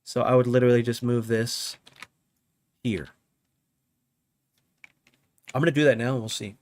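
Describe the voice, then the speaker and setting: A man's voice: medium pitch, normal speed. Casual man thinking aloud while teaching. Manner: relaxed, thinking aloud, often asks "you know what I mean?". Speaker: music producer teaching drum programming. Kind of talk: casual live tutorial. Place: home studio.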